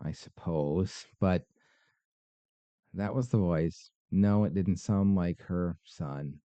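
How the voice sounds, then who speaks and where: A man's voice: sits low, slow, dark tone, no echo, lo-fi sound. A man hosting a podcast, reacting to paranormal videos with skeptical, sarcastic commentary. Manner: skeptical, dry, sarcastic asides. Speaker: podcast host.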